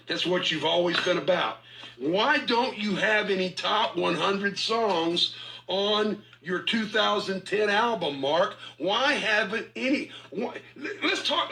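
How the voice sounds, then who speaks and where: Man, confrontational online ranter, taunting and profane; high, piercing voice. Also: creaky, pushed and bright, low-quality recording. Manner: taunting, mocking, profane, repeats himself. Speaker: online commentator in a feud. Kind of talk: confrontational rant.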